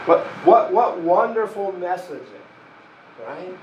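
Slow-speaking man giving a sermon. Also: a little high, muffled recording, slight background noise. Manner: slow, reflective, conversational with frequent restarts. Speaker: pastor and therapist.

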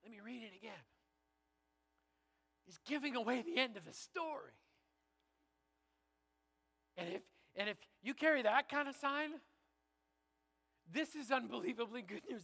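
A man from Canada preaching a sermon, moving from quiet reflection to loud, rousing repetition before his congregation. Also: very high voice, expressive, a little slow, gravelly, pauses often, in a large hall. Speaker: pastor.

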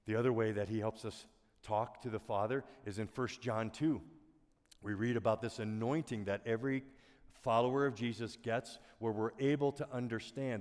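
A middle-aged male pastor delivers an earnest sermon in a fairly low voice, often sinking to near whispers. His words ring out with a long reverb through a church auditorium. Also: moderate pace. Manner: earnest, soft-spoken, dips to near whispers.

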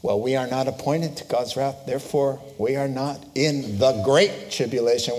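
A middle-aged male pastor preaching a sermon, telling a personal story in an animated way and acting out voices before turning to solemn preaching. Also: on the high side.

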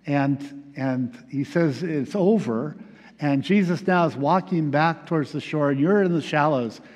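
A man preaching a reflective sermon as pastor, pausing often with fillers. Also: fairly high pitch. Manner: reflective, halting with many fillers. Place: church sanctuary. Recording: long reverb of a large hall.

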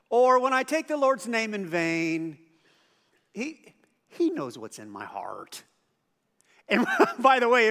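High-voiced pastor preaching in a reverberant hall. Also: male voice, fairly bright tone. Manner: conversational, asks the audience questions, acts out quoted voices. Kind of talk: sermon. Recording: church hall with long reverb.

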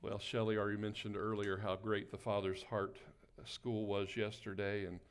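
A man's voice: fairly low pitch, little pitch movement, moderate pace, clear, resonant tone. Emphatic man preaching in church. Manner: call-and-response, rising to emphatic exhortation. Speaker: pastor. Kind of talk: sermon with prayer. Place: church sanctuary before a congregation.

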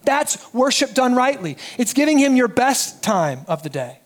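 High-voiced pastor preaching. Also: male voice, moderate pace. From United States. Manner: animated preaching, dropping soft for emphasis. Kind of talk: sermon.

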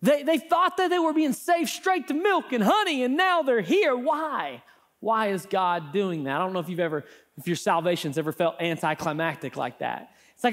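A man preaching from the pulpit with a fairly high voice. His delivery swings between loud, lifted points and low, hushed asides. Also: normal speed. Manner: animated, rising and falling emphasis. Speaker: pastor. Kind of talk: sermon.

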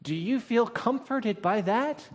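A man's voice: very high voice, lively intonation, slow pace. Man preaching a sermon in a reverberant hall. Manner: preaching with swelling intensity and emphatic repetition. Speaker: pastor.

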